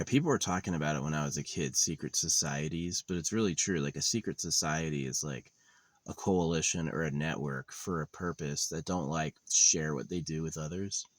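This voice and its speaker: A man's voice: low voice, no room sound. A young man rambling in a cynical, profane monologue vlog, recorded outdoors while he walks around a wooded area.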